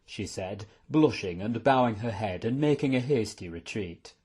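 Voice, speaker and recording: A man's voice: fairly low pitch, a little slow, hardly any pauses, slightly rough. A man narrating an audiobook in a storytelling tone, shifting between voices for many characters. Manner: expressive, voicing many characters.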